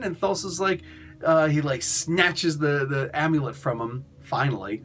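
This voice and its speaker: A man's voice: fairly high pitch, moderate pace, fairly bright tone. A man reviewing a comic book in casual chat, retelling the plot with exasperated sarcasm and many fillers.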